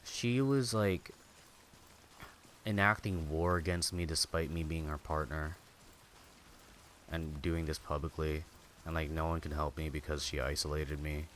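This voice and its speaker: Very deep voiced guy ranting while he games, lots of like and cussing, bit of hiss behind. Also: steady tone, measured pace, long pauses, a bit bright. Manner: rambling, heavy filler words, swearing; venting, bitter. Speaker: game streamer. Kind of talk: casual chat while gaming.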